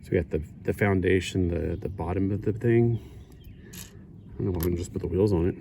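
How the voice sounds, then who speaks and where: In a casual build-along chat, a middle-aged hobby builder rambles while assembling a kit, correcting himself and tossing in chuckling asides. His low, mellow voice has vocal fry and fairly even intonation, and he talks briskly. The recording has its highs cut off and a little hiss or hum.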